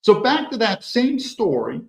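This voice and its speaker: A man's voice: sits high, huge pitch swings, a little slow, gravelly. A man from the United States hosting a podcast, telling a story in an opinionated, digressive way. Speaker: podcast host. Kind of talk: rambling commentary with storytelling. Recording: echoey, dull room sound.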